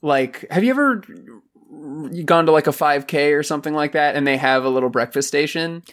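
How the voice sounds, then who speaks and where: A man's voice: on the high side, a little fast, fairly bright tone. Joking man on a podcast. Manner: jokey, riffing with silly put-on voices. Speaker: podcast co-host. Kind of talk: casual chat about anime.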